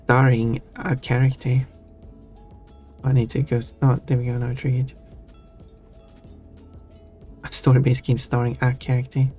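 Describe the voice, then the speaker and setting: A man talks casually with his viewers during a gaming stream, rambling and amused at himself. His voice sits at an ordinary pitch for a man. Soft music plays faintly behind him. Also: completely flat delivery, normal speed. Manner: chatty, self-amused, restarts and trails off. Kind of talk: casual chat while gaming.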